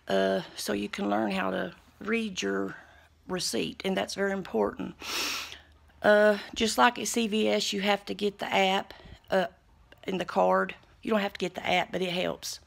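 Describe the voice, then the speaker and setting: Gravelly-voiced woman vlogging. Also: mid-range voice. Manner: homey, chatty and devout. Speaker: vlogger sharing store deals. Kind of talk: casual talk to camera.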